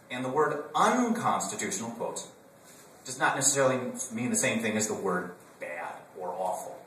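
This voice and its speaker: A man's voice: medium pitch, bright, forceful tone, a little hiss or hum. A man from Wisconsin giving a humorous political talk to a live audience, conversational and full of joking asides. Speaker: conference speaker. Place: conference room with an audience. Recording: roomy hall from a distance.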